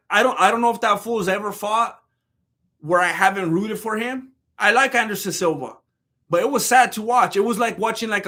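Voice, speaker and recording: A young male host riffs on fight news in a loose, slangy way, often stumbling over his words as he restarts a thought. His voice sits high for a man and has a bright, edgy tone. He sounds a bit hoarse here and there. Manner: animated, slangy, repeats himself. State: throat giving out. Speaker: YouTube MMA commentator. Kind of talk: casual commentary reading chat.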